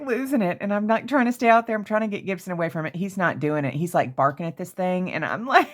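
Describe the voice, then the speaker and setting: A woman from Oklahoma, chatting casually in a crafting vlog and telling an animated, excitable story that jumps to shrieky high notes. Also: fast talker. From Oklahoma, USA. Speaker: crafter showing handmade pieces. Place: home craft room.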